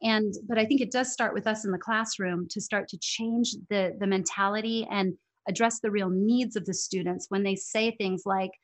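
A woman speaking as an interview guest, her voice sitting at a middle pitch. She talks in an animated, emphatic way and keeps restarting her sentences. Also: normal speed. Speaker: interview guest, English teacher trainer. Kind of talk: conversational interview.

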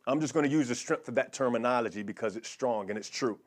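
A male pastor teaching a sermon, speaking haltingly with many fillers and repeated words, and having the audience repeat declarations aloud. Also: mid-range voice.

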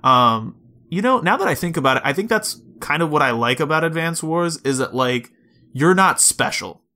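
A man co-hosting a podcast in casual chat, talking loosely with fillers and quick laughs. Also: a little high, lively intonation, pushed and bright. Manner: chatty, laughs easily, lots of fillers. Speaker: podcast co-host.

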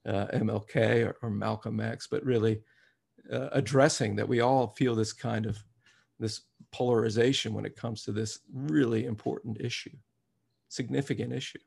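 A man's voice: medium pitch, steady tone, normal speed, gravelly, a little mellow, slightly rough. A man preaching a sermon, reflective at first and growing emphatic as he reads scripture aloud.

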